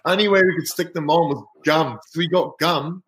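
A man, a rugby player guest telling an animated story in casual chat. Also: on the high side, normal speed, a little hiss or hum. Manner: lively, animated anecdote-telling. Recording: roomy echo.

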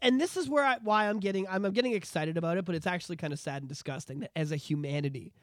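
High-voiced ranting man. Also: very fast, no room sound, studio quality. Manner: ranting, swearing, animated. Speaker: podcast host. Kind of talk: casual podcast chat.

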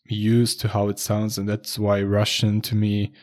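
A man's voice: lowish voice, monotone, unhurried, a little mellow. A man chatting casually, rambling a little and hesitating with many restarts. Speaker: conversation partner. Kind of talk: casual chat.

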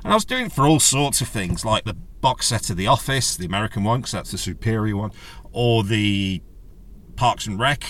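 A man hosts his own podcast in a loose, rambling chat full of jokes and asides. His pitch is of middling height but swings widely as he talks. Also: normal speed. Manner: rambling, chatty and jokey, with animated pitch jumps. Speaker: podcast host. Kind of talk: casual solo podcast chat.

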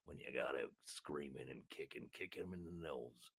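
A man voicing a grumpy seal, slowly ranting at humans in a put-on accent, low and drawn out. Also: vocal fry, fairly bright tone, breathy edge, dry recording, full character voice. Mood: grumbling, annoyed. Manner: slow grumbling rant with a put-on accent.

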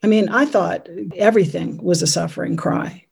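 A woman's voice: fairly low pitch, normal speed, vocal fry, darkish tone, breathy edge. A woman parenting consultant speaking as an interview guest, earnest and telling stories about her clients. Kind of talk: conversational interview.

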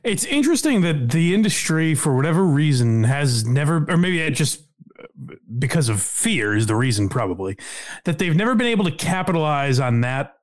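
A man's voice: fairly high pitch, very animated, normal speed, dry recording, studio quality. A man hosting a podcast in casual chat, rambling with fillers and laughing often. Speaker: podcast host.

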